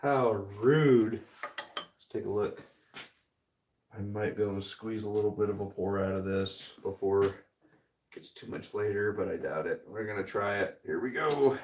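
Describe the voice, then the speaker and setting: Faint hiss or hum accompanies a lowish, somewhat mellow male voice on a casual livestream. The host works at his furnace, reading comments and chatting slowly and easily with viewers.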